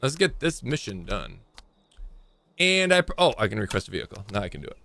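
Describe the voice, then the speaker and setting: Bright-voiced man chatting while gaming. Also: on the low side, big pitch swings, brisk, vocal fry, slight background noise. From Michigan. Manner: rambling, talks to chat while playing. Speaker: streamer. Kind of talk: casual livestream gaming chat.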